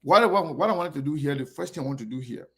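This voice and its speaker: A man's voice: a little high, expressive, fast talker. A man hosting a casual live-stream, greeting viewers one by one by name. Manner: gravelly. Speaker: online show host.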